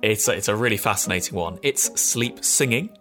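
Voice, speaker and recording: A male show host whose pitch rises and falls a lot as he introduces segments and guests. His delivery is enthusiastic and upbeat. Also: lively intonation, brisk, music in the background. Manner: bright, enthusiastic interviewer. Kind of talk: radio show presenting.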